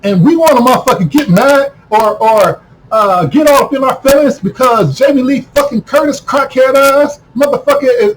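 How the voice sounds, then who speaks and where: A man delivering a heated, profane monologue to camera, repeating himself and breaking into shouts. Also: extremely high pitch, moderate pace, slight background noise, poor audio. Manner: heated, repetitive, swears constantly, bursts into shouting. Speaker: video commentator.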